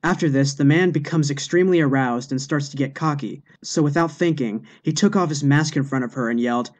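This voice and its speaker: A man reading jokes aloud in a steady, deadpan narration. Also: a little high, a little fast, few pauses. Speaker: joke narrator.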